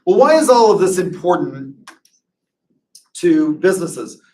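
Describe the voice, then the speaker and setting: A man's voice: sits high, very animated, measured pace, warm tone, recorded from a distance, slight background noise. A man giving an informal classroom lecture, chatty and anecdotal, drifting into loose personal stories. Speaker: instructor.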